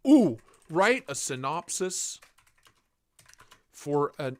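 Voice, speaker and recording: A man's voice: fairly high pitch, big pitch swings, drawn-out words, dry recording. A man hosting a casual livestream, joking and reading chat aloud in a playful way. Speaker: livestream host.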